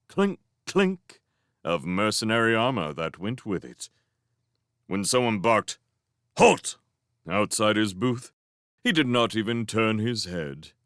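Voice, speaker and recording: A man reading a novel aloud as a fan audiobook, with expressive storytelling. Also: lowish voice, no echo, studio quality. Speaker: reader of a novel.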